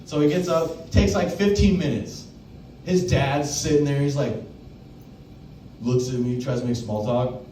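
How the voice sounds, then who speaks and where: A young man doing open mic stand-up, telling a crude story with loud acted-out quotes. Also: medium pitch, unhurried, pauses often, a little hiss or hum. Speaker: stand-up comedian. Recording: echoey room, mic heard from a distance.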